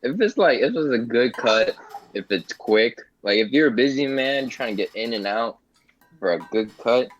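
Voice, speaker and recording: A man as a podcast guest, talking in a relaxed, rambling casual chat full of fillers. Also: medium pitch, moderate pace, lo-fi sound, faint music behind.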